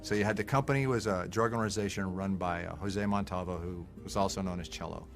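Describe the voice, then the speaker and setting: A man explaining events in a measured, explanatory way during an interview. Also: sits low, fairly even intonation. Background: music.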